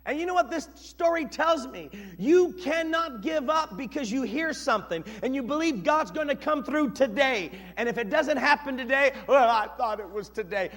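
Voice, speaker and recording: High-voiced preacher in a reverberant church. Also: male voice, moderate pace, hardly any pauses. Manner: animated, dramatic, acts out scenes with shifting voices. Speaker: pastor. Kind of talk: sermon. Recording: long reverb of a church hall.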